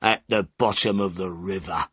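A man voicing a bitter, captured middle-aged man who speaks low and slow in a storybook reading. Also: fairly even intonation, fairly bright tone, breathy edge, no echo, studio quality. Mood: flat.

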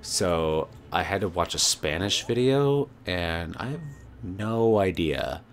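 A man's voice: low-pitched, animated, slow, faint music behind. A man hosting a casual let's play, rambling with lots of fillers and swearing. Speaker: gaming channel host.

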